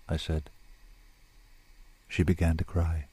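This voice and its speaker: Low-voiced man reading a story intensely. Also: moderate pace, darkish tone, dry recording. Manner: intense, lyrical, sombre. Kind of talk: scripted story narration.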